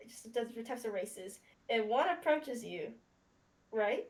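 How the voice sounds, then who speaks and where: A woman's voice: fairly high pitch, lively intonation, a little slow. Laughing woman narrating as game master. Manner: laughing, rambling, swears casually. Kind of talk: narrating a tabletop game, casual.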